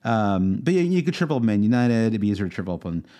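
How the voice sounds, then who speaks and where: A man's voice: lowish voice, big pitch swings, fast talker, warm tone. A man co-hosting a podcast in casual chat, rambling and hesitant, with many fillers and restarts. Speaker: podcast co-host.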